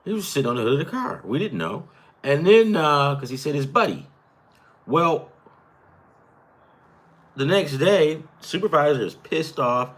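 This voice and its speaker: Husky podcast guy rambling thru a work story, cussing, pitch bouncing all over. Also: very animated, unhurried, pauses often. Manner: rambling, swears, laughs at his own story. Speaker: podcast host. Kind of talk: casual storytelling and game commentary.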